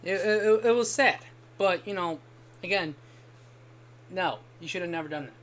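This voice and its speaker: A man streaming a game and telling a rambling story in casual chat, swearing freely and getting animated when he quotes people. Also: sits high, normal speed, background noise. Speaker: gaming streamer. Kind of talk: casual storytelling while gaming.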